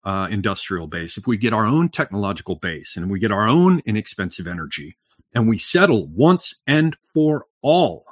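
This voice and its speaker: A man's voice: fairly low pitch, no room sound, clean studio sound. A man talking at length as a podcast guest, rambling with lots of fillers and restarts and casual swearing. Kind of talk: long-winded conversational monologue.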